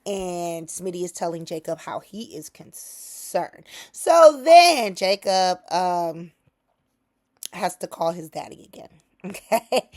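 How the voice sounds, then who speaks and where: A woman hosting a casual vlog that recaps a soap opera, telling the story with sass and slang and laughing often. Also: fairly low pitch. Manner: animated, acts out characters' lines in quotes.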